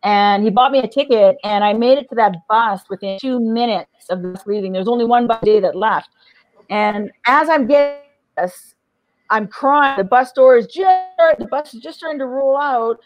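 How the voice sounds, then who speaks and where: A woman's voice: fairly high pitch, normal speed, muffled recording. A middle-aged woman, an interview guest, frankly telling her personal story, often restarting and repeating words. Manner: frank, restarts and repeats words, laughs between heavy memories. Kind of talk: personal story told in conversation.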